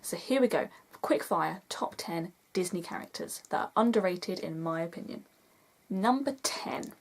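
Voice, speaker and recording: A woman's voice: on the low side, expressive, moderate pace. A young woman vlogging in a chatty, enthusiastic way, gushing as she counts down a list. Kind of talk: casual vlog countdown.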